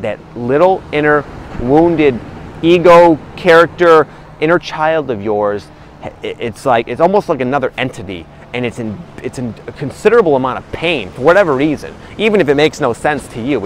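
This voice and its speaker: Man, spiritual vlogger, relaxed, rambling, mid-pitched, faint outdoor traffic. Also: moderate pace, poor audio. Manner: relaxed, rambling, with frequent fillers and restarts. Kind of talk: casual spiritual talk to camera.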